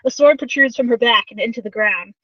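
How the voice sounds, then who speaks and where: A woman game master narrating a tabletop game with animated, playful energy and the odd casual curse. Her voice is high and bright. The recording is dry but muffled, with the mic set back from her. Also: fast, no room sound, far from the mic.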